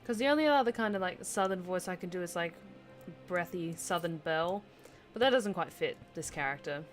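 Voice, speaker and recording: Excitable woman streamer chatting with viewers. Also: fairly low pitch, brisk, soft background music. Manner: excitable, chatty with viewers, mutters while managing items. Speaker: game streamer. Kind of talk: casual let's-play commentary.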